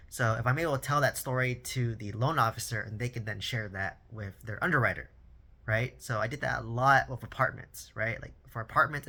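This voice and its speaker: Casual male vlogger, thirties, bright tense tone, chatty storyteller who restarts words often. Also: mid-range voice. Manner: rambling storytelling, lots of "right?" and repeated words. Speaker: vlogger on real estate and personal finance. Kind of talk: casual talking-head monologue.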